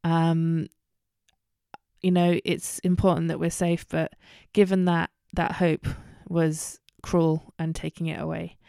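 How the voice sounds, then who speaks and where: A woman's voice: low-pitched, flat delivery, takes it slowly, gravelly, warm tone, clear, resonant tone, no echo, clean studio sound. A woman hosting a casual solo podcast, chatty and candid, with lots of ums and self-corrections. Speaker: podcast host.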